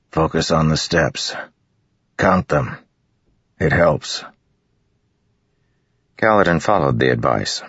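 Male audiobook narrator, extremely low and husky, steady measured read; dry, dull lo-fi recording. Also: dry recording. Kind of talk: scripted fantasy narration.

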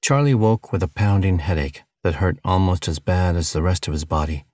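A man reading a novel aloud as audiobook narrator, in steady, scripted storytelling delivery. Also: low-pitched, brisk, dry recording, studio quality.

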